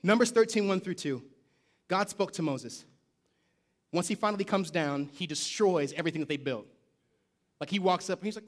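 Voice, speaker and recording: A male pastor preaching a lively sermon in a church, shouting call-and-response lines and dropping slangy jokes and asides. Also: on the high side, fairly quick. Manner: casual slangy asides and joking. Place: church sanctuary.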